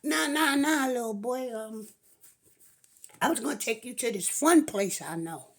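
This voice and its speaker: A woman voicing a shady grown man in a pickup truck who coaxes and insists, with a husky voice. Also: a little high, animated, measured pace, full character voice. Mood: coaxing. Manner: coaxing, insistent.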